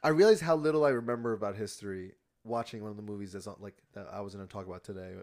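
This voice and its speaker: A man's voice: lowish voice, very fast, a little mellow. A young man co-hosting a casual podcast chat, teasing his friends and laughing often. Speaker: podcast co-host.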